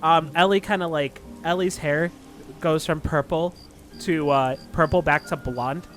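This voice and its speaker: A man's voice: on the high side, fairly even intonation, unhurried, a bit bright, faint music behind. A man narrating a tabletop game as dungeon master, rambling with many fillers. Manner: rambling, filler-heavy, casual.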